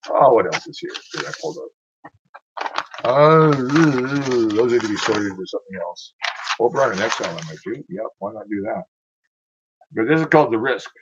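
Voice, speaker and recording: Man, lowish husky voice, declaiming his own verse, then chatting loosely between poems; dull lo-fi recording. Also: lively intonation, moderate pace. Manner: dramatic, declaiming recitation. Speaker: poet reading his own work. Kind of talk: poetry reading with chatty asides.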